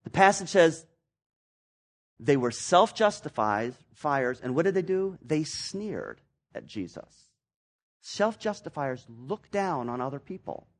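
A man preaching a sermon to a church congregation, acting out the voices in his quotes and swinging from loud outbursts to hushed tones. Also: fairly high pitch, slow pace. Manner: animated, acts out voices in quotes, swings from loud to near-whisper. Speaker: pastor.

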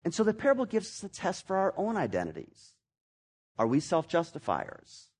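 Male pastor, sermon delivery, husky tone, lively swings from loud to hushed. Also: high-pitched, moderate pace. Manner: animated, acts out voices in quotes, swings from loud to near-whisper.

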